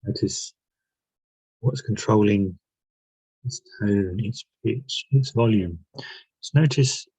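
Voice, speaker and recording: Slow, gravelly man guiding reflection. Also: fairly low pitch, no room sound, rough recording. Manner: reflective, asks many questions, pauses and restarts. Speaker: workshop leader. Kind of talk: guided self-help talk.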